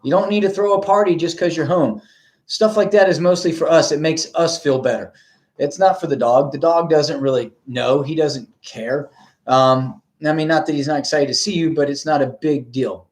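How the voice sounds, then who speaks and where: A man, a dog trainer, explaining in a relaxed, rambling way with frequent ums and asides to viewers. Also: a little high, normal speed. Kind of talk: casual instructional talk.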